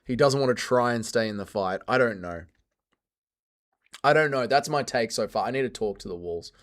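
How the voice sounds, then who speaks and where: A man's voice: mid-range voice, lively intonation, moderate pace. A man hosting a livestream, reading out chat and answering in a crude, joking, rambling way. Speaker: streamer host reading chat.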